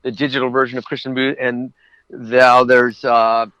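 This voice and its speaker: A man's voice: mid-range voice, little pitch movement, moderate pace, clear, resonant tone, dry recording, highs cut off. A man who works as a voice actor, chatting as a guest in a casual interview and telling rambling anecdotes.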